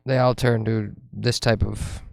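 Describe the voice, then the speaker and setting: Male reviewer, snide and mocking, gravelly voice in a dry room. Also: fairly low pitch, flat delivery, measured pace, dry recording. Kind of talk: sarcastic commentary.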